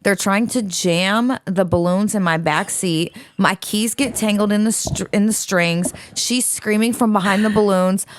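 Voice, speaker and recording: A woman's voice: mid-range voice, a little slow, hardly any pauses, no echo, studio quality. A woman co-hosting a podcast, reading a listener's letter aloud in a blunt, profane, dramatic way.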